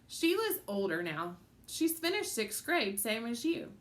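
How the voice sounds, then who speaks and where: A woman reading a gentle, reasonable mother. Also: fairly high pitch, sing-song, measured pace, voice pushed up. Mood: soothing.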